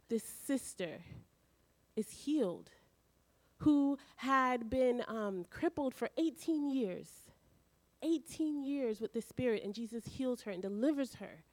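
A woman preaching a sermon to a small group, telling a personal story with animated strings of questions. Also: mid-range voice, no room sound. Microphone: handheld mic.

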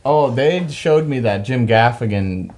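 A man's voice: mid-range voice, animated, measured pace, background noise. A young man joking around in a casual group chat, laughing often and tossing in playful sound effects.

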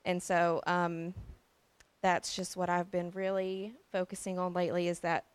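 A young woman with a slightly low voice tells her faith story in a relaxed, heartfelt way. She stops often for fillers and picks her sentences up again. The recording is dry and close. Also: measured pace, clean tone, no room sound. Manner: earnest, with many fillers and restarts. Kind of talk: casual personal testimony.

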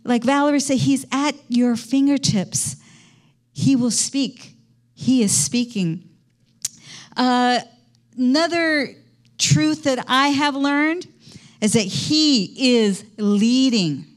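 A woman's voice: sits high, slow, long pauses. A middle-aged woman pastor preaching a conversational sermon in a church, quizzing the congregation as she goes.

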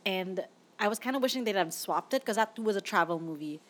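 A woman's voice: mid-range voice, lively intonation, fast, a bit bright. A young woman hosting a casual movie-review podcast, chatty and opinionated. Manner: chatty, opinionated, laughs often. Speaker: podcast host.

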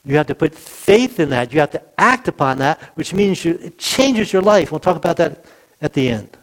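A man's voice: fairly high pitch, animated, normal speed, poor audio. Conversational male pastor preaching a sermon. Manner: conversational, asks the congregation questions, acts out quotes.

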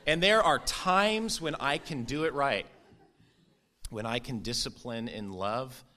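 A male pastor delivering a sermon at a medium pitch. He talks earnestly and conversationally, lifting his voice for emphasis. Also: slow pace, pushed and bright. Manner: earnest, conversational preaching with sudden rises in emphasis.

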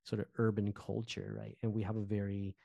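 A man from New Jersey in his thirties, a former pastor co-hosting a podcast in animated casual talk. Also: lowish voice, fairly quick, creaky, dry recording. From Newark, New Jersey. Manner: animated, conversational, fillers like "you know".

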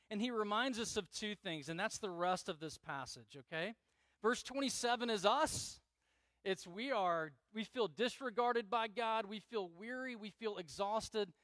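A man's voice: sits high, moderate pace, fairly bright tone, no echo. A middle-aged man preaching a sermon as pastor, earnest and repeating key phrases for emphasis. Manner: earnest, repeats key phrases, acts out prayers in dramatic quoted voices.

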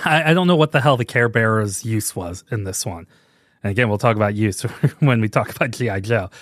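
A man's voice: fairly low pitch, normal speed, dry recording, studio quality. A man hosting a podcast, ranting sarcastically and laughing with exasperation. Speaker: podcast host. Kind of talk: casual comedic commentary.

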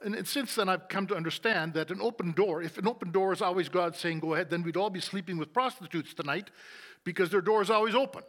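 High-voiced middle-aged man preaching testimony. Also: fast talker. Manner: storytelling, acting out dialogue, often dropping to a soft low voice. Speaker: church leader giving testimony. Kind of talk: sermon testimony.

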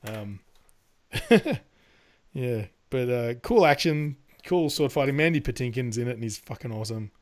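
A man's voice: mid-range voice, expressive, normal speed, long pauses. A man in casual podcast chat, rambling with lots of fillers, laughing and swearing as he talks. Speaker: podcast co-host.

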